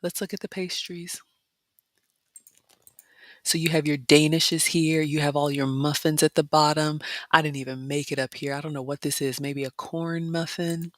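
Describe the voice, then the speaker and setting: A woman vlog host walking viewers through a brunch buffet, chatting casually, reading comments aloud and often dropping into soft excited whispers. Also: low voice, moderate pace, dry recording, studio quality. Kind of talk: casual live-stream walkthrough.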